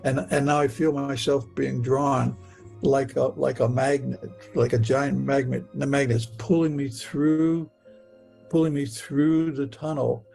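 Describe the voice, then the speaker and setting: A man with a gravelly, fry-edged voice tells a personal story earnestly, stumbling and repeating words as he goes. His pitch sits in an ordinary middle range. Faint music plays under him. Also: level tone, a little slow, darkish tone. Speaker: guest telling his story.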